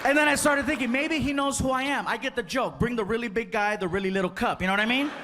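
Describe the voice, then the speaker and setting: A man with a high-pitched voice tells a stand-up comedy story on stage. He delivers it with animation, acting out the people in it. The live audience laughs loudly, and venue noise sits under his voice. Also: fast talker, a crowd in the background.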